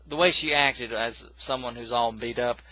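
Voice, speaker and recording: A man's voice: mid-range voice, normal speed, pushed and bright, low-quality recording. A man casually recapping a film plot in a rambling, self-correcting way, with dismissive asides. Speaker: movie reviewer.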